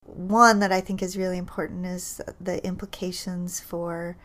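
Low-voiced woman, child psychologist type, measured explainer with fillers. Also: little pitch movement, a bit bright. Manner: thoughtful, measured, with fillers and restarts. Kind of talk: explaining research in an interview.

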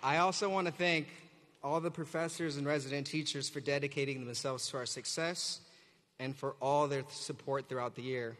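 A young man addresses a graduation ceremony from a podium, mixing teasing jokes with earnest thanks. His voice sits at an ordinary middle pitch. The sound carries the long reverb of a large hall. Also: fairly even intonation, normal speed. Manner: joking, warm and earnest, leads audience cheer. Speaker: graduating student teacher giving commencement speech. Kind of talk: commencement speech. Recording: reverberant auditorium.

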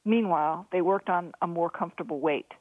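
Female author-narrator, steady storytelling, thin phone-like dry sound. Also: on the low side, brisk, no echo. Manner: steady storytelling, lively voices for dialogue. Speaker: author reading her own novel. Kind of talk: audiobook narration.

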